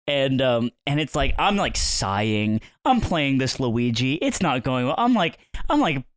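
A man's voice: unhurried, no echo, studio quality. A man co-hosting a podcast, telling stories in casual chat and acting out the people he quotes. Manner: animated, acts out quoted people with sudden pitch jumps. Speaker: podcast co-host.

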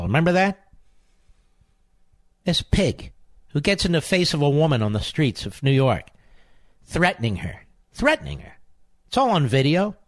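A man rants on talk radio in a combative monologue, mocking his targets and hammering the same insults again and again. His voice sits at an ordinary middle pitch. It is recorded close and dry in a studio, with no room sound. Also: dry recording. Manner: mocking, sarcastic, repeats insults for emphasis. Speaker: radio talk show host. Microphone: studio microphone.

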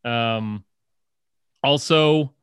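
A man's voice: mid-range voice, drawn-out words, a bit bright, clean tone, dry recording. A man co-hosting a sports podcast, chatting casually and rambling through stories with lots of fillers and restarts. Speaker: podcast co-host.

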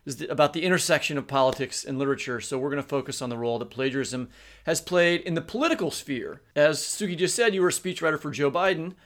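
A man's voice: on the high side, fast talker, fairly bright tone. A man co-hosting an interview podcast, asking long questions and joking with his guests. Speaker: podcast co-host. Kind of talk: conversational interview.

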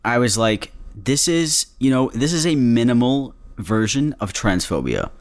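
Animated, joking young man. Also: mid-range voice, a little slow. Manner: joking, self-deprecating, animated. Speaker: podcast host. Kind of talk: casual chat.

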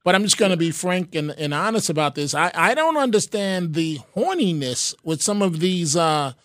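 A man's voice: sits high, animated, normal speed, fairly bright tone, no echo, clean studio sound. A man hosting a call-in radio show, talking frankly and directly to callers by name. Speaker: radio talk show host. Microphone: studio microphone.

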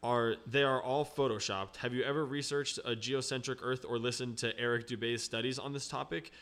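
A man hosting a podcast, reading listener questions aloud in a plain, steady voice. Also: medium pitch, brisk.

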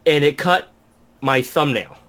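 A man's voice: on the high side, unhurried, fairly bright tone. A man co-hosting a podcast, telling stories in a casual way and laughing through them. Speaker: podcast co-host. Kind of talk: casual chat, storytelling.

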